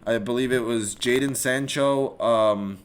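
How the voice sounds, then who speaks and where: A man rambles through a solo live-stream podcast in a loose, casual rant. His voice sits at an everyday middle pitch, and he swears freely, restarts his sentences and swerves into asides. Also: a little slow, a little hiss or hum. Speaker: podcast host.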